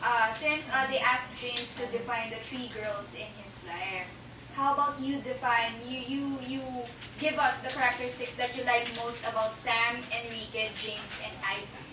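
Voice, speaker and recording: A woman's voice: fairly high pitch, steady tone, moderate pace. A woman hosting a casual chat, reading out viewer questions in a teasing, laughing manner. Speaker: chat host. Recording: echoey room, distant mic, noisy.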